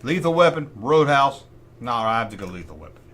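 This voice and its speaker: Animated middle-aged man hosting a livestream. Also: mid-range voice, a little fast. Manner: animated, opinionated, talks to himself while deciding. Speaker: host. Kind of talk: casual livestream chat.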